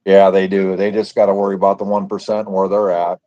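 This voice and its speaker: A man in a casual chat, rambling haltingly through loose ideas with many fillers. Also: sits low, completely flat delivery, warm tone, no room sound, lo-fi sound.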